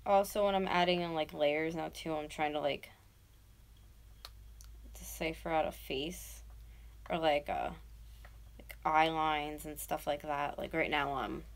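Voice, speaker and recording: A woman's voice: sits low, fairly even intonation, measured pace, gravelly, long pauses. A woman in her twenties chatting casually to viewers while she sculpts, rambling and dropping into whispers as she works. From North America. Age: 20s. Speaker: YouTuber.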